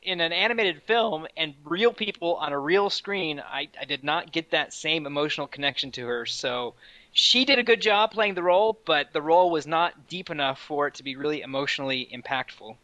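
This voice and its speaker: A man giving his take on a film in a casual podcast chat, earnest and fluent. His voice is bright and a little high. The sound is close and dry. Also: animated, brisk, no room sound, dull audio. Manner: earnest, opinionated, fluent with light fillers. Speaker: podcast co-host.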